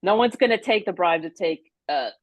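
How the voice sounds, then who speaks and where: A woman's voice: on the low side, animated, moderate pace, no room sound, low-quality recording. A woman on a committee discussing budget items, conversational and thinking aloud. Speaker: committee member. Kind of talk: meeting discussion.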